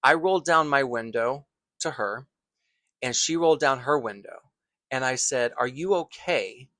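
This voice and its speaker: A man who teaches acting tells a personal story in an earnest, thoughtful way, pausing and restarting phrases as he goes. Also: mid-range voice, bright, forceful tone, no echo.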